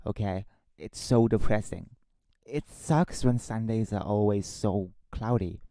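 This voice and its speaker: A man chatting casually on his own livestream, rambling and complaining, often restarting and re-saying his lines, sometimes dropping to a hushed voice. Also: fairly low pitch, unhurried, dry recording. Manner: drops to a hushed voice at times. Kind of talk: casual solo livestream chat. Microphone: own desktop microphone.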